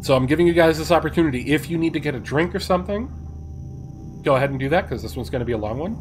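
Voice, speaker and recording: A man's voice: fairly high pitch, expressive, racing, soft background music. Man chatting with his stream chat. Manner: swears casually. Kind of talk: live-stream story reading.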